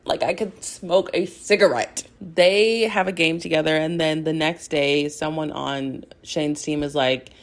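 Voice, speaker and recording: Recapping a TV episode on her podcast, a young host chats in a rambling, gushing way, full of laughter and "like." Her low voice keeps a steady tone at a measured pace.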